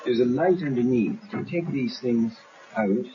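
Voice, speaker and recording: A man's voice: mid-range voice, unhurried. Man animator explaining, on dull old film sound. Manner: lively, acts out scenes while explaining. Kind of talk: explaining his work in a documentary. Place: animation studio. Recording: dull 1970s documentary audio with faint hiss.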